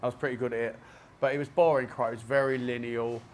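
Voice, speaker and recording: Talking fast with fairly even intonation over slight background noise, a medium-pitched man from East London, England shares his story in a Cockney accent. The gym owner and jiu-jitsu black belt is a chatty, rambling guest on a casual podcast, recorded in a basement martial arts gym.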